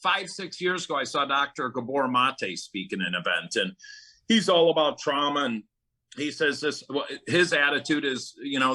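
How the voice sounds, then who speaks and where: A man's voice: medium pitch, expressive, moderate pace, bright, forceful tone, low-quality recording. A middle-aged man, a guest in an interview, speaking earnestly about recovery and telling personal stories with bursts of emphasis. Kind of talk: conversational interview.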